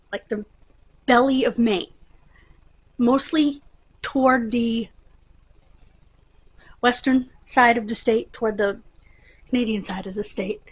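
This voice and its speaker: Husky, chatty middle-aged woman vlogger. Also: fairly high pitch, rough recording. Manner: rambling, chatty, with many fillers. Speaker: channel host. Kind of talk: casual chat to camera.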